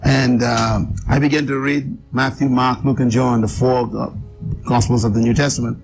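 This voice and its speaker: A man recounting his life story as an interview guest, emphatic, with repeated phrases and dramatic pauses. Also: mid-range voice, little pitch movement, music in the background, rough recording.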